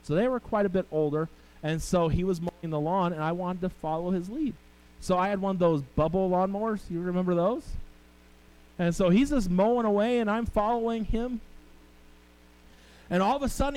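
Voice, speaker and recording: A man's voice: high voice, normal speed, a little mellow, low-quality recording. A middle-aged male pastor preaching a sermon, telling family stories and talking with the congregation. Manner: storytelling, conversational with the congregation.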